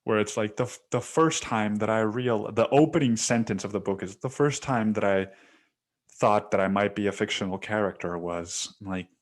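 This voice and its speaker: A man's voice: lowish voice, normal speed. A young man hosting a podcast, talking alone in a rambling, profane, casual way and saying "dude" often. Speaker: podcast host. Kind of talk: casual solo monologue.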